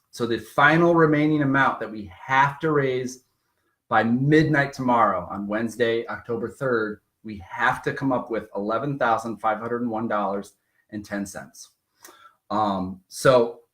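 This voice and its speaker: A man who is a pastor, speaking earnestly and candidly to camera, sometimes choking up and softening it with self-deprecating humor. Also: medium pitch. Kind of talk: emotional personal appeal to camera.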